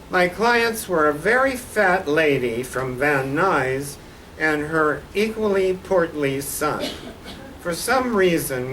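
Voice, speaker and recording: Slow, wry older man giving a slide lecture. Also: on the high side, fairly bright tone. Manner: wry, dry anecdotal humor. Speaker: guest artist presenting his posters. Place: college lecture hall. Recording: distant mic with faint background noise.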